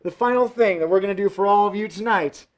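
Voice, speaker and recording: A man's voice: sits high, quick pace, a crowd in the background. A man hosting a live variety show from a room at home, joking through his fire tricks. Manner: jokey, playful, theatrical asides. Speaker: host and fire performer.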